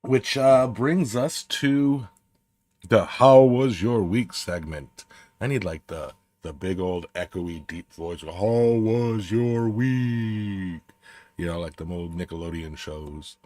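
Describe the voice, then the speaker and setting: A man's voice: sits low, steady tone, unhurried, darkish tone. A man hosting a casual livestream chat, talking loosely with many fillers and laughs. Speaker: podcast host.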